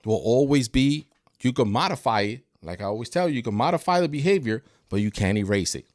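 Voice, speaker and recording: Animated man, dry close sound. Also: medium pitch, brisk, no echo. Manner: animated storyteller, acts out dogs and people. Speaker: dog trainer. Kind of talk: casual podcast chat.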